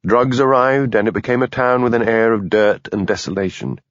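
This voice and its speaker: Brief: low-voiced male narrator, animated mystery reading, dry muffled studio sound. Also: fairly quick, no room sound. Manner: lively, expressive reading. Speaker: audiobook narrator. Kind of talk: scripted narration.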